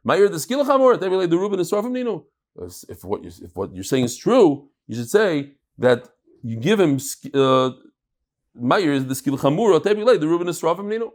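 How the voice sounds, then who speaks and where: Working through the day's Talmud aloud, a rabbi acts out the exchanges and switches between English and Hebrew or Aramaic terms. His voice is a little high and sing-song, his pace brisk.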